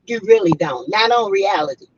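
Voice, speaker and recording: A hoarse woman, chatting casually and emphatically on a livestream and greeting viewers by name. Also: mid-range voice, huge pitch swings, moderate pace. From South Carolina. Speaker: livestream host. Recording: muffled lo-fi audio.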